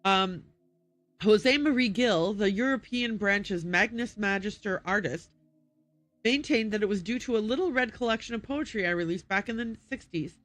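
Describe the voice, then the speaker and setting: On a livestream, a female streamer with a medium-pitched, fairly bright voice reads in-game documents aloud carefully and without hurry, pausing to fix and reread her slips.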